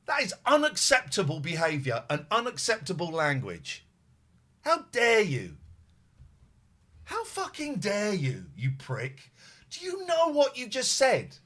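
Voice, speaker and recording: A man's voice: high-pitched, wildly swooping pitch, a little slow, sharp tone. A man hosting a phone-in show from home, ranting furiously, swearing and repeating himself. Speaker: host. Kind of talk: live phone-in show, angry rant.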